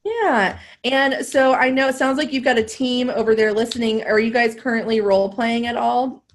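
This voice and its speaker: A woman's voice: fairly high pitch, fairly even intonation, moderate pace. A woman sales trainer coaching a live role-play webinar, upbeat and laughing often as she acts out both sides of a call.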